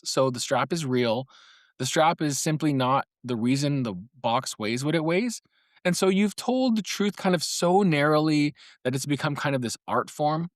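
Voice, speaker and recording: A man's voice: on the high side, dry recording, studio quality. A man hosting a solo comic podcast, talking in a wry, playful, conspiratorial way and laughing between phrases. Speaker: podcast host.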